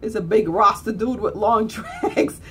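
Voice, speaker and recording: Speaking at a medium pitch and a little slowly, this woman, a spiritual teacher, tells a story bluntly and earthily. She keeps it casual, swears freely and repeats phrases to stress her points. There's a little background noise.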